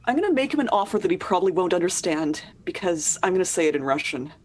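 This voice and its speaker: Woman, improv player, husky voice, very lively pitch. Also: fast talker. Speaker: improv performer. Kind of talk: improv game turns.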